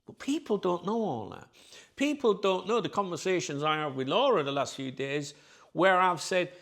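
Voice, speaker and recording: A man's voice: sits high, sing-song, moderate pace, a bit bright. A middle-aged man, hosting his own channel and talking bluntly and candidly to his viewers, sweary and rambling. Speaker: channel host.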